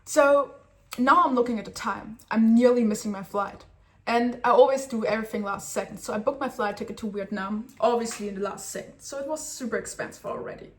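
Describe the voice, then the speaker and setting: A young woman from Germany, telling a travel story to her viewers in a lively, sassy way. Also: on the high side, a little fast. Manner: animated, sassy, acts out quotes. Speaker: travel vlogger. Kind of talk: casual storytelling to camera.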